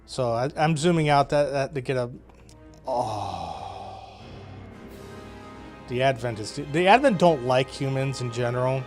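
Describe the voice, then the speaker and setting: A man's voice: mid-range voice, lively intonation, measured pace, long pauses, a little mellow, soft background music. A man playing his own strategy game and giving casual commentary as he thinks aloud, wry and chatty with frequent hesitations and short laughs.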